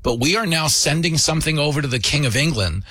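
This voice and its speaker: Male comedy host, satirical monologue, sarcastic, bright edge, husky. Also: fairly high pitch, animated, quick pace, no room sound. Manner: sarcastic, mocking.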